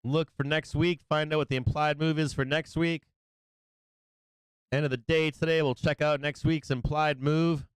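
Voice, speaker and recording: A man hosting a live stock market stream, giving brash, excitable trader banter as prices move. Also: on the high side, moderate pace, clear, resonant tone, dry recording. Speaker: stock market livestream host.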